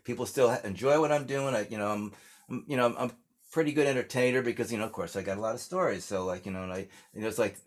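With a medium-pitched voice and a quick pace, an older American singer-songwriter tells meandering stories in a casual interview. He keeps starting over and dropping fillers as he goes.

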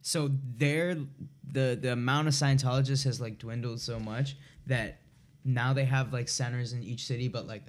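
A man's voice: medium pitch, fairly even intonation, normal speed. A man co-hosting a podcast in laid-back, profane casual chat, laughing through his stories. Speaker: podcast co-host.

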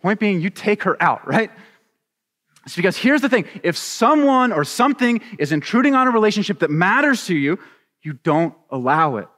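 A man preaching a sermon as a pastor, animated and acting out little scenes with voices. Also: high voice, moderate pace, long reverb tail.

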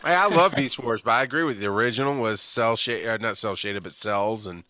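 A man's voice: on the low side, fairly quick, sharp tone, no echo, studio quality. A man co-hosting a podcast in casual chat, playful and teasing. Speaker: podcast co-host.

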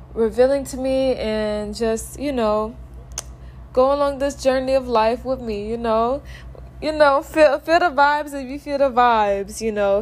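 A woman's voice: mid-range voice, a little mellow, slight background noise. A woman hosting her own podcast, talking casually and rambling with lots of fillers. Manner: chatty, rambling, many fillers. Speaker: podcast host. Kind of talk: casual chat.

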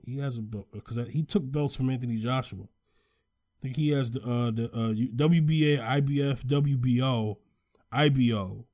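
Man, casual co-host, medium pitch, dry booth sound; swings from excited to muttering. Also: normal speed, no room sound. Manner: animated, voice jumps up when excited, trails off quietly when looking things up. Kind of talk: casual chat.

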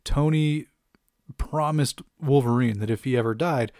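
Young man, casual comic recap, chatty, filler-heavy, mid-pitched, dry close sound. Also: unhurried, a little mellow, dry recording. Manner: chatty, frequent fillers and asides. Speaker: comic book reviewer.

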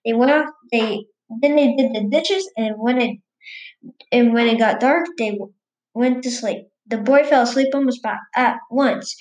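A woman's voice: a little high, reverberant, low-quality recording. A woman reading a scary story aloud in a casual, stumbling way, restarting words as she goes.

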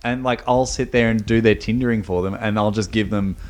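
A man's voice: on the low side, fairly even intonation, a little fast, a little mellow, slight background noise. A young man, co-hosting a podcast in casual banter, telling stories and swearing freely. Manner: joking, storytelling, swears freely. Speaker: podcast co-host.

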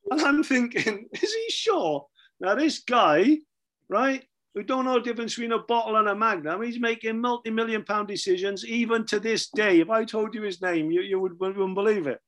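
A man's voice: high-pitched, brisk, fairly bright tone. A middle-aged man with a Welsh accent telling casual anecdotes, laughing often and checking in with "right?" as he goes. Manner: chatty, laughs often, repeats "right?" for emphasis. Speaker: storyteller recounting his career.

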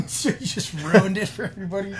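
A man's voice: high voice, fairly even intonation, a little fast. A man co-hosting a podcast in casual chat, blunt and profane with dry wisecracks. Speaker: podcast co-host.

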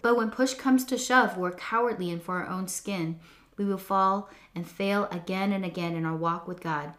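A woman reads a devotional reflection in a slightly low voice. Her delivery is earnest and measured, with a reflective, unhurried tone. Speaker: devotional speaker.

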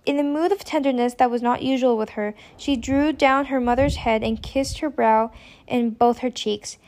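A woman reads a classic novel aloud, measured and expressive. Her voice sits fairly high, and she now and then stumbles and corrects a word. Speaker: audiobook reader.

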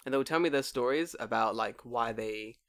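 A man's voice: mid-range voice, normal speed. A young man co-hosting a casual podcast, telling stories with lots of swearing and mocking quoted voices. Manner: swearing, animated storytelling with mocking put-on quotes. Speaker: podcast co-host. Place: living in Japan.

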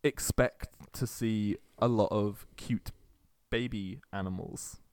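A man's voice: fairly low pitch, takes it slowly, dry recording. Male co-host, laid-back explainer, filler-heavy, dry close-mic sound. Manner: relaxed, laughs often, explains with fillers. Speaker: podcast co-host. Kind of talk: casual chat.

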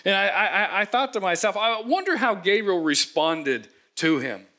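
A man delivers a sermon in a high, bright voice. He preaches dramatically, acting out the story with emphatic pauses. His tone stays vivid and energetic. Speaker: pastor.

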